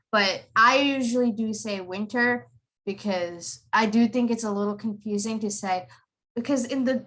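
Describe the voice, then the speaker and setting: Bright-voiced woman teaching pronunciation. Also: medium pitch. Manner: repeats words slowly, asks students to echo them. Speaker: accent tutor. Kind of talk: online pronunciation lesson.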